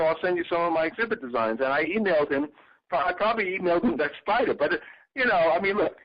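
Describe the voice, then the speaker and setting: A man's voice: a little high, no echo. An older man, a guest in an interview, telling long stories in casual talk and acting out the lines he quotes. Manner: animated storyteller, acts out quoted lines in a raised voice. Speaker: interview guest, former bandmate and exhibit designer. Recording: dull lo-fi call audio.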